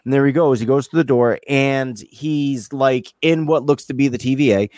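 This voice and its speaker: A man's voice: mid-range voice, normal speed, a little mellow, no room sound. A man co-hosting a casual podcast about a TV show, who swears often and acts out quotes with energy. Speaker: podcast co-host.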